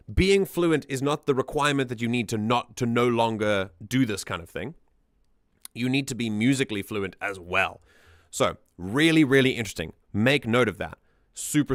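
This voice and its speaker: A man's voice: medium pitch, a bit bright, dry recording, studio quality. A man streaming casual music-analysis commentary, enthusiastic and rambling, often restarting his sentences.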